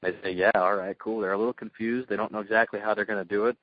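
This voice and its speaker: A man telling his success story as a guest speaker, energetic and earnest, in casual storytelling. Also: on the low side, very fast, no echo, muffled recording. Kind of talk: motivational call talk.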